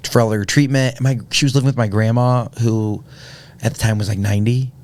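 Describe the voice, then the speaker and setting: A man's voice: mid-range voice, steady tone, fairly quick, darkish tone. A man, telling a personal story earnestly on a podcast, with many fillers and restarts. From Indiana, USA. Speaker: podcast guest. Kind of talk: casual storytelling.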